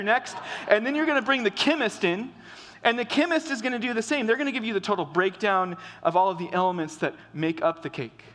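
A man delivers a sermon in a relaxed, conversational way, often stumbling, restarting and doubling words as he talks. His voice sits a bit higher than most men's. The sound carries a long reverb, as in a large church. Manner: conversational preaching with restarts and repetition. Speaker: pastor.

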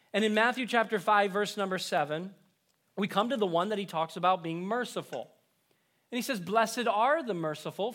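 A man preaching a sermon, rising with emphasis and dropping low at the ends of phrases. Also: fairly bright tone. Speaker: pastor.

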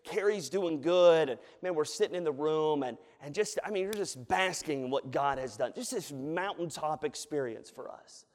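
Man, thirties, preacher, high voice, emphatic repetitive sermon, long church reverb. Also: normal speed, hardly any pauses. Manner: emphatic, repetitive preaching cadence with asides and laughs. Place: church sanctuary.

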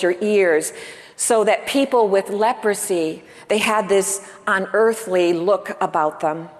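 A woman pastor preaches with earnest emphasis, her voice sitting at an ordinary middle pitch. She poses rhetorical questions to her listeners, and her words ring out with a long reverb in a church hall. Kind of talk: sermon.

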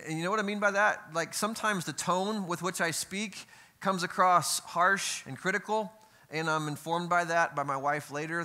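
A man's voice: a little high, sharp tone. A middle-aged man, a pastor, preaching a conversational sermon in a church, with asides and rhetorical questions. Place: church sanctuary.

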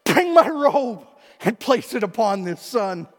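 Brief: a man playing a joyful, emphatic father in a sermon retelling, high voice, reverberant hall. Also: very animated, measured pace. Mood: loving. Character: loving, joyful old father.

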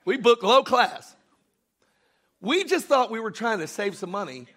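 Middle-aged male preacher, bright ringing tone, lively storytelling sermon delivery. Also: high voice, unhurried. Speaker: pastor.

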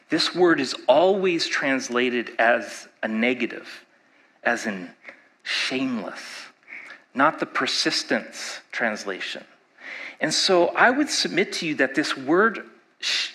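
A man's voice: mid-range voice, pushed and bright, poor audio. A male pastor preaching a sermon in a conversational way, asking his listeners rhetorical questions.

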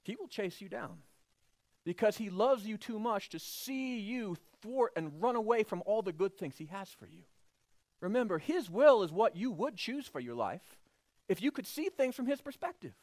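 Animated high-voiced male preacher. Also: moderate pace, dry recording. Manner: animated storytelling, acts out voices. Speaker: pastor. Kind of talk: sermon.

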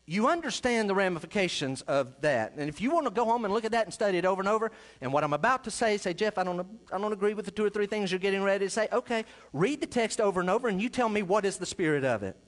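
A male pastor preaching a sermon, swinging between loud emphasis and quiet asides. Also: high-pitched, animated, fast talker, few pauses.

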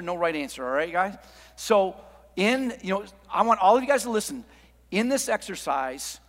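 High-voiced preacher in a reverberant hall. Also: male voice. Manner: preaching with big swings from hushed to loud. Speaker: pastor. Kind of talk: sermon.

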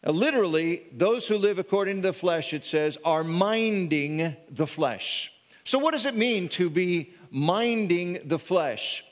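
A man preaching a sermon as pastor, animated and prone to repeated restarts. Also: high-pitched, a little slow. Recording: long reverb of a hall.

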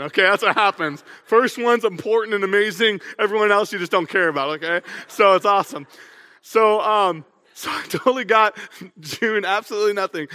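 Young man, pastor, casual chatty sermon, high voice, long church-hall reverb. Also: bright, forceful tone. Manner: casual, chatty, engages the congregation.

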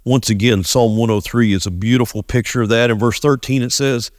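A man preaching a sermon as a pastor, earnest, slowing down and dropping low on key phrases. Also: no room sound, clean studio sound.

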